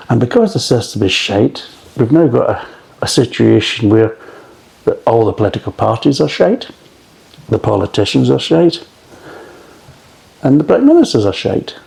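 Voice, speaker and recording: A man's voice: medium pitch, creaky, darkish tone, low-quality recording. A middle-aged man with a Scottish accent reviewing beer in a blunt, grumbling way and swearing often.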